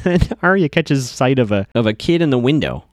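A young man chats his way through a TV episode recap, amused and loose, full of "uh"s and "like"s. His pitch is middle of the road. The sound is dry and close. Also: expressive, normal speed, dry recording. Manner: chatty, amused, many fillers. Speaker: podcast host recapping a TV episode. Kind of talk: casual recap.

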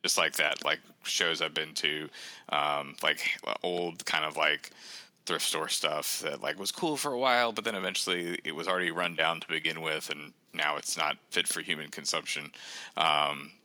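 A man's voice: extremely low pitch, fairly even intonation, moderate pace, bright, forceful tone, no echo. A man in his thirties, a guest author in a casual podcast chat, rambling with self-deprecating humor.

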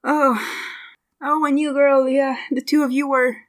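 A woman's voice: sits high, little pitch movement, pitched above the performer's own voice. A woman voicing a grieving young female servant who stammers and keeps breaking into tears. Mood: surprised. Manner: stammering, halting speech. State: crying.

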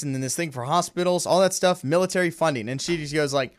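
A man's voice: fairly high pitch, quick pace. A man co-hosting a podcast, chatting casually about favorite movie scenes, laughing often and acting out lines. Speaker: podcast co-host.

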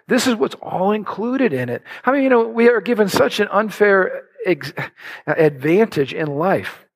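A man preaching a sermon to his congregation, animated and conversational, acting out little prayers and scenes in other voices. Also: on the high side, creaky. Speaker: pastor. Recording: long hall reverb.

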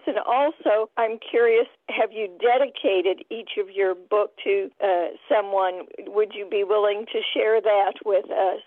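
A woman's voice: fairly high pitch, dry recording. A woman calling in, polite and inquisitive, asking the guest about her books. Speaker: caller. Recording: tinny phone line.

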